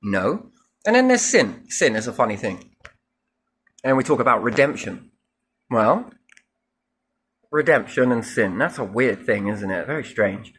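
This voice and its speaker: A man's voice: medium pitch, a little hiss or hum. A man rambling through a spiritual monologue, musing and asking himself questions, with casual swearing. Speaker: speaker musing on faith.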